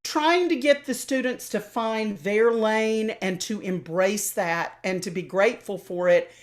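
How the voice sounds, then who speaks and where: An older woman with a warm Southern drawl tells stories about her career with lively, theatrical flair. She slips into the voices of the people she quotes. She is talking over a video call. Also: mid-range voice, a little slow. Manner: animated storyteller, acts out quoted voices. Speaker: opera singer and voice teacher, guest.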